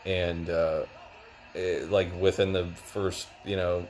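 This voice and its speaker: A man's voice: low voice, little pitch movement, takes it slowly, a little mellow. A young man giving a casual spoken review of a TV series, rambling and filling gaps with "like" and "uh". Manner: rambling, lots of "like" and "uh". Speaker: TV show reviewer.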